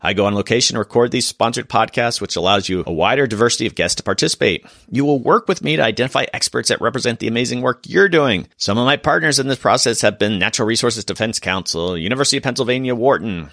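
A man hosting a podcast, giving an upbeat sales pitch and talking straight to his listeners. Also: quick pace, hardly any pauses, a bit bright, no room sound, clean studio sound. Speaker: podcast host. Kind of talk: podcast outro and sponsorship pitch.

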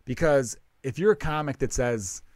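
A man chatting on a podcast, rambling and swearing freely while he cuts himself off mid-sentence. His voice sits at a middling pitch for a man. The sound is dry and close, with no room around it. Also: normal speed, darkish tone, no echo. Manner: rambling, profane, self-interrupting. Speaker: comedian and podcast host. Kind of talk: casual podcast chat.

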